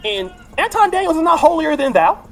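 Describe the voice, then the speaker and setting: A woman's voice: high-pitched, very animated, fairly quick, fairly bright tone. A woman giving opinion commentary, arguing her point with rhetorical questions. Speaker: political commentator.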